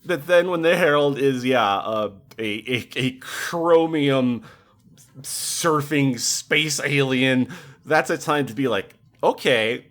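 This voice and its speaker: A man co-hosting a podcast in casual chat, laughing often and talking with animated, swearing outbursts. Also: mid-range voice, takes it slowly. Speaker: podcast co-host.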